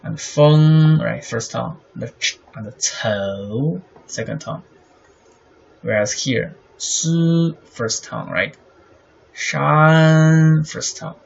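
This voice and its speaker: A man teaching the meter of Chinese poetry, halting with many fillers and checking "right?" often. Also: mid-range voice, vocal fry, husky. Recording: slightly dull sound with faint noise.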